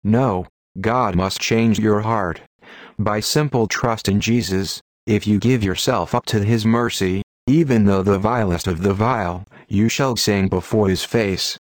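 A man preaching a sermon in a fervent, solemn, rhetorical manner. His voice sits low. The sound is close and dry, with no room around it. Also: a little slow, no echo. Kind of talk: old-style sermon reading.

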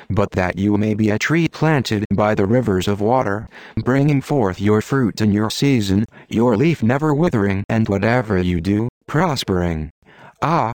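Deep-voiced preacher, earnest and measured. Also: male voice, a little mellow, dry recording. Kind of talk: read sermon.

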